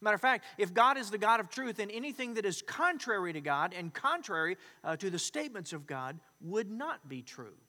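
A man preaching a sermon as a pastor, swinging between emphatic loud declarations and hushed, quiet asides. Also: high voice, big pitch swings, fairly quick, hardly any pauses, big-room sound.

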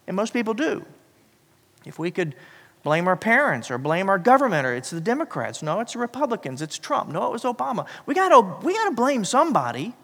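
A man preaching a sermon as pastor, swinging from loud emphatic passages to hushed, low, slow lines. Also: sing-song. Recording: long hall reverb.

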